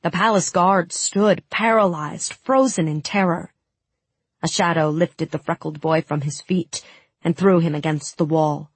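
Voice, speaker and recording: A woman narrating a fantasy audiobook in the first person, with steady, dramatic storytelling on a close studio mic. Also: fairly low pitch, measured pace, husky, no room sound.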